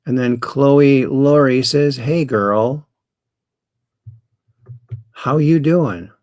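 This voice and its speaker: A middle-aged man hosts a casual livestream, rambling through dad jokes and reading out viewers' chat greetings. His voice sits at an ordinary pitch. The sound is close and dry. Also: drawn-out words, darkish tone, dry recording. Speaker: host. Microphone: close camera mic.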